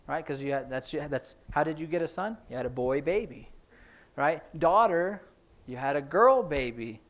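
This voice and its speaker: Chatty man teaching a sign language class. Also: a little high. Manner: chatty and informal, with frequent fillers. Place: church classroom.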